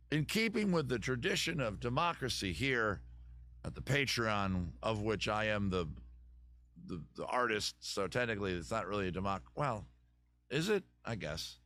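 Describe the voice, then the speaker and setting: Rambling comic host, voice going hoarse. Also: male voice, lowish voice, a bit bright, dry recording. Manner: digressive, self-mocking, drops into a put-on Southern lawyer voice. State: voice going hoarse after weekend shows. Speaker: comedy podcast host. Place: his home in a city.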